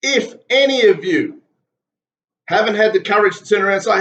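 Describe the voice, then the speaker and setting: A man's voice: high-pitched, expressive, normal speed, pauses often, fairly bright tone. A man with an Australian accent delivering heated, blunt and profane political commentary. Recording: roomy, dull lo-fi sound.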